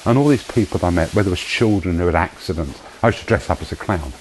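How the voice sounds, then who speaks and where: A man sharing a personal testimony in a slow, emotional storytelling manner. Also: low voice, slight background noise, low-quality recording. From United Kingdom. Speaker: charity founder giving testimony.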